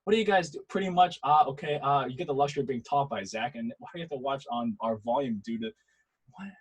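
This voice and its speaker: A young man teaching a debate workshop over a video call, lively and demonstrative, swinging between loud and quiet. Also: mid-range voice, quick pace, breathy edge, poor audio. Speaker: debate instructor. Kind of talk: online workshop lecture. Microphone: computer mic on a video call.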